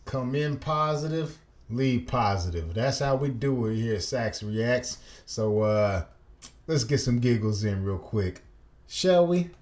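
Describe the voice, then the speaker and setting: A man's voice: medium pitch, lively intonation, slow, darkish tone. A man hosting a reaction video, folksy and laid-back. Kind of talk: casual reaction commentary.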